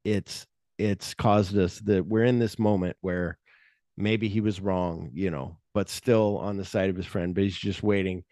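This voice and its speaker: A man's voice: deep voice, steady tone, measured pace, mellow, no room sound, studio quality. A man co-hosting a podcast, retelling film scenes in a loose, rambling way with plenty of swearing. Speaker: podcast co-host. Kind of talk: casual movie-discussion chat.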